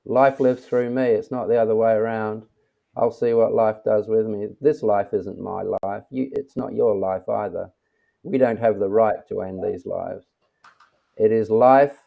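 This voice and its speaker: Low gravelly man on a thin line. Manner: calm, unhurried, self-assured. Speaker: interview guest, mystic teacher. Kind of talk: reflective interview talk. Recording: thin phone-like audio.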